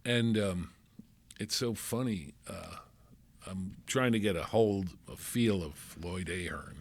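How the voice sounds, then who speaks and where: A man with a New Jersey accent telling lively film-set stories in an interview, acting out what others said and swearing casually. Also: deep voice, slow. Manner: animated anecdotes, acts out quoted voices, swears casually. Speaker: film crew member, interview guest.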